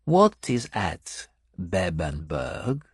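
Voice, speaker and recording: An audiobook narrator, a man, voicing a wary, bitter foreign woman who speaks slowly and gravely with a foreign-sounding accent. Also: rumbling low, sing-song, no room sound, clean studio sound, exaggerated voice. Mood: bleak, wary. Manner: slow, measured, bleak delivery. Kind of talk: audiobook character voice.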